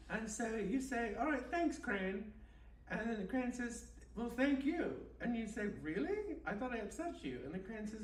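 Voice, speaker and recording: A woman leading an absurd, deadpan guided meditation and chatting with the host at a live bookstore event. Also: a little high, normal speed, few pauses. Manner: deadpan absurdist, rambling with fillers. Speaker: guest performer. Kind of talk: comic improvised guided meditation and chat. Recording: roomy and distant, faint background noise.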